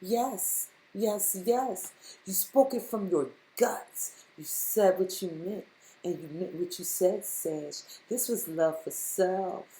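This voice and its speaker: A woman's voice: lowish voice, takes it slowly, dark tone. Emphatic woman tarot reader, roomy echo. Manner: repetitive, emphatic, addresses listener directly. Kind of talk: spiritual tarot reading.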